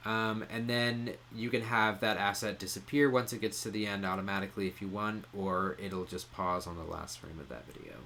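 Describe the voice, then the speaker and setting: Low-voiced man talking through software steps. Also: gravelly, a little hiss or hum. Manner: relaxed, many "um" pauses, explains step by step. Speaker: streaming tutorial presenter. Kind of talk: casual screen-share tutorial.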